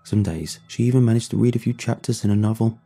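A man narrating a first-person horror story in a hushed, tense and grief-laden way. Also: fairly low pitch, quick pace. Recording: soft music underneath.

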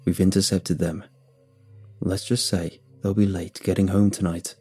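A calm, menacing government agent, as a male narrator puts him on, speaks slowly and evenly. The voice is low and mellow, with a very husky, breathy grain. A faint music bed sits underneath. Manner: cool, measured, threatening.

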